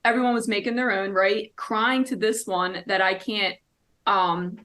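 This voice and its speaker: A woman podcast host chatting casually and reminiscing in a relaxed way. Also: medium pitch, unhurried. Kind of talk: casual chat.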